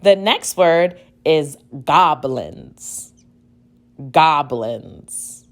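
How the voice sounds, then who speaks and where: Very slow, measured woman teacher. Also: sits low, expressive, vocal fry. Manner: spells words letter by letter, tapping out syllables. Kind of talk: slow spelling dictation lesson.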